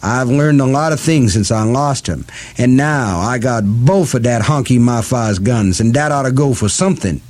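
A man's voice: mid-range voice, normal speed, hardly any pauses, a little mellow, lightly acted. A man voicing a cruel, cackling woman captor who taunts and croons her threats in an audiobook. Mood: menacing. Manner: mocking drawl, crooning threats. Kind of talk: audiobook character voice.

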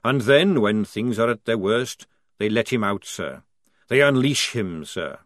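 Male reader voicing a cunning veteran sergeant, gruff and conspiratorial, dry audiobook sound. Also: fairly low pitch, animated, unhurried, no echo. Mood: knowing. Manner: gruff, conspiratorial, says sir a lot. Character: wily, knowing older male army sergeant.

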